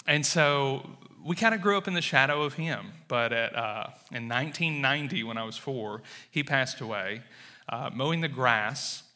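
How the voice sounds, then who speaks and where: A man's voice: mid-range voice, normal speed, sharp tone. A man in his thirties from Mississippi with a Southern drawl, sharing his testimony as a guest preacher in a folksy, self-deprecating way. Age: 30s. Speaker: church planter, guest speaker. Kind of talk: sermon with personal testimony. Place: church sanctuary. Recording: long reverb of a large hall.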